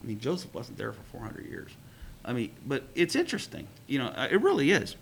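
Brief: male Bible teacher, gravelly voice, wry chatty asides while reading. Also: mid-range voice, wildly swooping pitch, fairly quick, a little hiss or hum. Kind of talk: teaching a class, reading and commenting.

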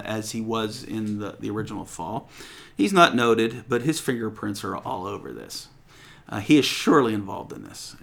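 A man's voice: mid-range voice, vocal fry, fairly bright tone. A man teaching a sermon in a conversational way, reading verses aloud and explaining them with frequent fillers. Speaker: preacher.

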